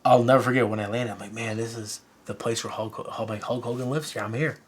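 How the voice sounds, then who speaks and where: Excitable man telling his story. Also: medium pitch, quick pace, noisy background. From Chicago, USA. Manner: animated, filler-heavy, "you know, man". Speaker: documentary interviewee.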